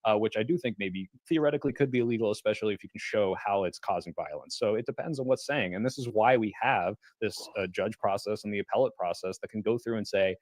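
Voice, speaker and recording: An American man on a live panel debate, laying out his reasoning in a measured way with frequent "uh" and "like.". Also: lowish voice, a little mellow, dry recording. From United States. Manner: measured, reasoning, filler-heavy. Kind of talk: casual debate.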